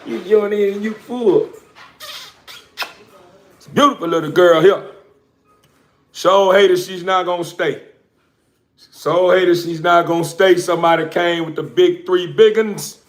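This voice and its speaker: A man's voice: high voice, fairly even intonation, unhurried, pauses often. Rambling slangy man on a livestream. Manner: loose, rambling slang-heavy talk with many fillers. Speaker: dog breeder. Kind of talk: casual livestream chat.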